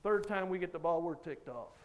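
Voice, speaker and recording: A man giving a motivational speech, telling a story with lively delivery and acting out the other people's lines. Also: high-pitched, a little fast. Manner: animated storyteller who acts out others' lines. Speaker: motivational speaker.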